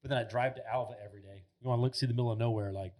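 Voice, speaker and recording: A man's voice: medium pitch, very fast. Thirty-something guy on a podcast, rambly storytelling, lots of "like", cusses freely, ordinary mid voice. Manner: animated, rambling, heavy filler words, swears freely. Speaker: podcast guest. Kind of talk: casual storytelling chat. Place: podcast studio.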